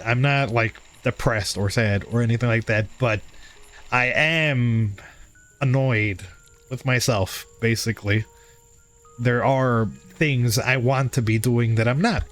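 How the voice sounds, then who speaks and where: A man's voice: mid-range voice, a bit bright. Frank, swearing male streamer chatting. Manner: candid, self-critical, swears freely, chats with viewers. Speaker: livestream host. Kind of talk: casual stream chat.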